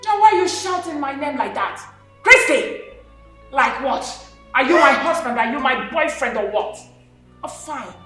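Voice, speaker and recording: A bright, tense, high voice belongs to a woman playing a Nigerian widowed mother in a film drama. She speaks in a cutting, dismissive way, and the room sounds echoey. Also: animated, measured pace, soft background music, full character voice. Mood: cold. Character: cold, defiant widowed mother.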